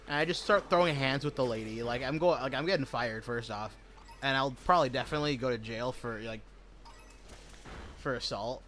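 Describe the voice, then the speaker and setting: A man's voice: medium pitch, a little fast, a bit bright, soft background music. A young man chatting casually while gaming, telling a rambling, profane story full of slangy asides. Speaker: gaming streamer.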